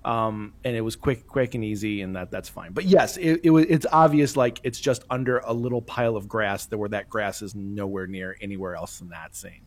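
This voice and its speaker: A man's voice: fairly low pitch, brisk, hardly any pauses. A man co-hosting a casual movie-review chat, adding jokes and comments with lots of fillers. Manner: animated joking commentary with fillers. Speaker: podcast co-host.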